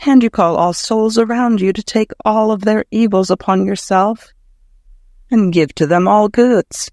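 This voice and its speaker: A man's voice: sits high, measured pace, a little mellow, no echo, studio quality. A man narrating a devotional audiobook in a fervent, prayerful, emotional way.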